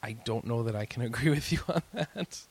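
A man's voice: medium pitch, expressive, a little fast, husky, no room sound. A man co-hosting a casual podcast chat, joking and trailing off mid-sentence. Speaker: podcast co-host.

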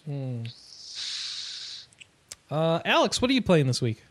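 Lively, playful podcast host man. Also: on the high side, takes it slowly, a little hiss or hum. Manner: playful, upbeat, teasing. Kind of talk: casual podcast hosting.

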